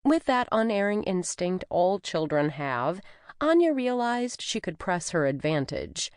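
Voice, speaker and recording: A woman narrating a cozy mystery audiobook in the first person, with an expressive storytelling manner. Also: on the low side, measured pace, clean tone, dry recording, clean studio sound. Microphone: studio microphone.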